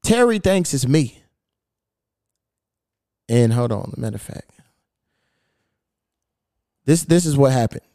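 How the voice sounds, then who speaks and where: A man's voice: medium pitch, sing-song, slow pace, pauses often, warm tone, no room sound, studio quality. Profane, amused podcast host, man. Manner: profane, amused, quotes texts aloud. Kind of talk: casual storytelling chat.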